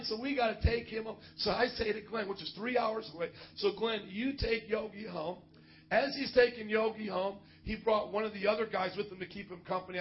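A male pastor telling funny stories in a sermon, animated and often laughing as he goes. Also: high voice, highs cut off. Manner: animated, joking, often laughs mid-story. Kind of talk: sermon storytelling.

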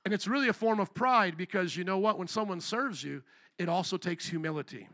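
Male pastor preaching, high voice, lively, keeps acting out voices and calling out to the church. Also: fairly quick. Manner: animated, acts out quotes, calls to the congregation. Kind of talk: sermon.

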